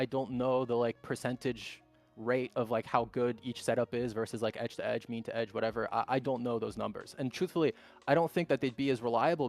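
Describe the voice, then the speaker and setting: A man appearing as a guest on a live stream, talking candidly and bluntly and swearing freely. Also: mid-range voice. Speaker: guest trader. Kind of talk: casual chat on a live stream.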